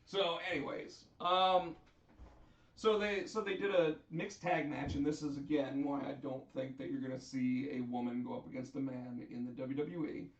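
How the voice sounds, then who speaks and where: A man hosting a casual wrestling chat on a live stream, chatty and animated as he tells what happened. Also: medium pitch, moderate pace. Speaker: host. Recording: echoey, distant, dull sound.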